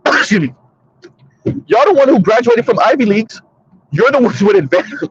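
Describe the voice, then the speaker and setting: A man in his thirties delivers sassy, preachy social commentary straight to his audience. His voice is fairly high and slightly husky. The sound is dry and dull, like a lo-fi recording. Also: very animated, moderate pace, pauses often, no echo. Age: 30s. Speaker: commentary streamer.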